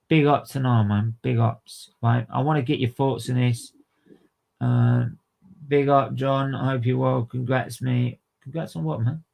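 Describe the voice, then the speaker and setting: A man's voice: mid-range voice, gravelly, a little mellow. A man hosting a livestream, ranting about motorsport with repeated phrases, slang and swearing. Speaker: livestream host. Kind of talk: heated fan commentary on a livestream.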